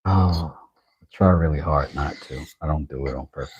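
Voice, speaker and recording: A man's voice: very deep voice, moderate pace, darkish tone, husky, no room sound, dull audio. A man hosting a knife-sharpening livestream, chatting casually and self-deprecatingly with viewers. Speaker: knife-sharpening channel host.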